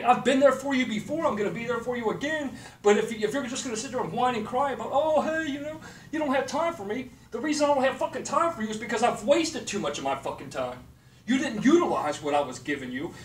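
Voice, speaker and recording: A man's voice: high-pitched, a bit bright. A man giving a blunt, profane motivational monologue, punctuating points with "okay" and "period". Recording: echoey room, distant mic, faint noise.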